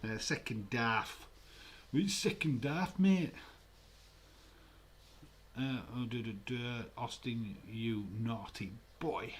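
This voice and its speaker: A man's voice: lowish voice, darkish tone, a little hiss or hum. A man hosting a live stream, chatting casually in a rambling way, swearing freely and reading viewer comments aloud. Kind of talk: casual watch-along chat.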